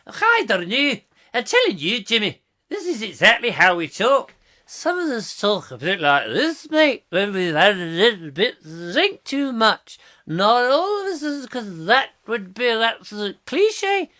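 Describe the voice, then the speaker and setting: A man's voice: high-pitched, very animated, a little slow, bright, forceful tone, pitched above the performer's own voice, exaggerated voice. A man putting on a Scottish accent to play a chummy, tipsy Glaswegian man who blusters and calls everyone Jimmy. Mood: mock-indignant.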